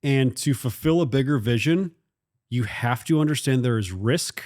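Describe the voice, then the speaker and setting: A man's voice: medium pitch, normal speed, a little mellow. Blunt, emphatic male interview guest. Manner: emphatic, blunt, swears freely. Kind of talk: casual chat.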